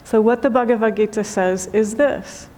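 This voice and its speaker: Gentle woman telling a teaching story. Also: on the high side. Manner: gentle, unhurried, softly emphatic, with light laughs. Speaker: spiritual teacher. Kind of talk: spoken dharma talk with storytelling.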